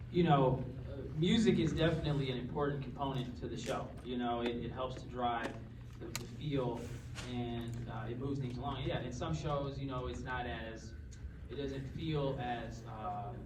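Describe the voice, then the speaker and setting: A man's voice: medium pitch, fairly even intonation, normal speed, noisy background. A man moderating a live Q&A panel, talking loosely with lots of fillers. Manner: loose and rambling, many fillers. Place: large hall at a live event. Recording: echoey hall from far off with crowd. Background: audience crowd.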